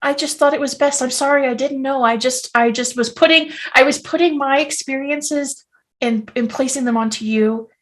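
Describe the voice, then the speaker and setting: A woman playing a gentle, apologetic young man who talks softly and hesitantly. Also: on the high side, animated, moderate pace. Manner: soft, hesitant, coaxing.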